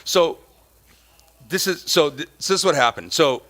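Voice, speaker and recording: A man with a fairly high, bright, forceful voice hosts a casual podcast chat. He tells a rambling story full of profanity and filler. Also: lively intonation, normal speed. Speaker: podcast host.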